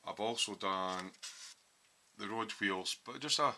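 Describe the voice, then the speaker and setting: Man, very low voice, hesitant with many ums, casual workshop walkthrough. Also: unhurried, pushed and bright, slight background noise. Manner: hesitant, lots of ums, explains his thinking step by step. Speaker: hobby scale modeller. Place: home hobby workshop.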